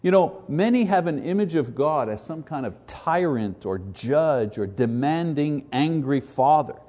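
A man gives an informal Bible lesson in a warm, mellow voice that sits slightly high for a man. He talks conversationally, often restarting his sentences and asking rhetorical questions. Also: animated, unhurried. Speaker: Bible teacher.

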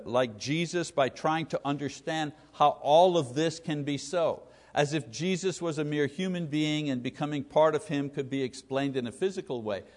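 A man preaches a Bible teaching sermon in a fairly high voice. He talks in a conversational, emphatic way and puts questions to his listeners. His voice trails off in a long, echoing reverb.

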